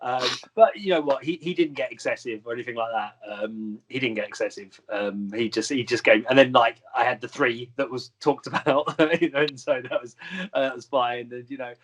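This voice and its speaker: A man's voice: medium pitch, a little fast, fairly bright tone. A man in his thirties, a wrestler guest telling stories in a rambling, filler-heavy way and laughing at his own stories. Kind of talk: casual storytelling chat.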